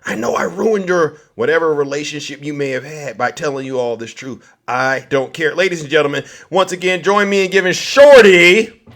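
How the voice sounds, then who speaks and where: A man hosting a political livestream, loudly taunting and mocking his viewers. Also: a little high, normal speed. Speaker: livestream host.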